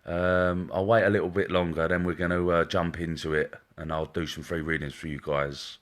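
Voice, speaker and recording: In a level, low-pitched voice at a moderate pace, a man runs a live stream as a psychic medium. He wears headphones and casually greets viewers one at a time by name, in a friendly, chummy manner.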